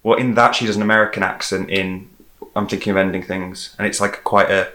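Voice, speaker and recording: A man co-hosting a casual film chat, talking in an animated way with quick reactions. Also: low voice. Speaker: podcast co-host. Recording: roomy echo.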